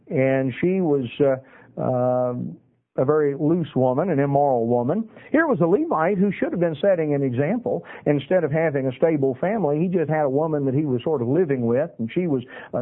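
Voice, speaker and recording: A man preaching a sermon, retelling Bible passages in a folksy way with many pauses and uhs. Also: on the high side. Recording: tinny phone-like radio broadcast.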